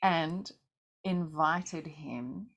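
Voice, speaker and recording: Female podcast co-host, coach; slow, calm, affirming, husky-gravelly low voice. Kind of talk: casual chat, reflective coaching.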